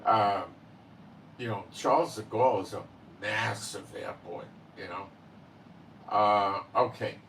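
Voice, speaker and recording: A man talks slowly and unhurriedly in a loose, rambling monologue, leaning on "you know" and "okay?". His voice sits a little low. He sounds set back from the mic, with a faint hiss of background noise. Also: fairly bright tone, recorded from a distance, rough recording. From Israel. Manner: rambling, many fillers and tag questions. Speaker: channel host. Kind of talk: casual monologue.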